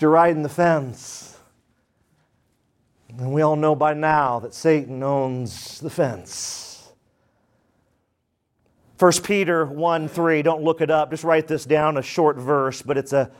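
A man preaching a sermon as pastor, with emphatic repetition and questions put to the congregation. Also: a little high.

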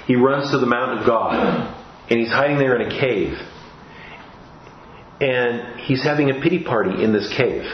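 A man's voice: mid-range voice, moderate pace, long pauses, slight background noise. A man preaching a sermon in a church, earnest and given to restarts and repeated words. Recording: roomy, dull-sounding recording.

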